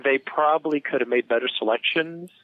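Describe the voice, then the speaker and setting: A man's voice: medium pitch, brisk, no echo. Easygoing man on a tinny line. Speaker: podcast co-host. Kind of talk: casual movie review chat.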